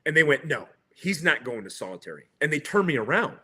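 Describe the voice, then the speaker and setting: A man's voice: fairly high pitch, very animated, brisk, pushed and bright, slightly rough. A middle-aged man, a guest in an interview, animatedly retelling events and quoting what others said, often laughing. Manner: retells with quoted dialogue and laughs. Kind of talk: animated storytelling.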